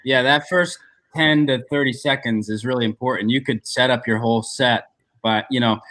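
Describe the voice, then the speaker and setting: Animated man comedian telling stories. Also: mid-range voice, moderate pace. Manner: animated, storytelling, many restarts. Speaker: stand-up comedian, guest. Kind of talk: casual chat.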